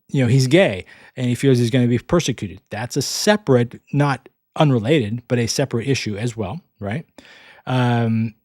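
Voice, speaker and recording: Southern-raised guy rambling thru listener questions on his podcast, chuckles a lot, average pitch, dry close sound. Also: darkish tone, no echo. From American South. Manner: rambling, chuckles often, self-deprecating asides. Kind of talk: casual rambling commentary.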